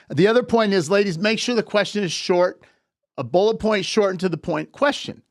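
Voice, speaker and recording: A man's voice: high voice, moderate pace, no echo, clean studio sound. A man coaching on relationships in a live talk, lecturing emphatically with repeated points.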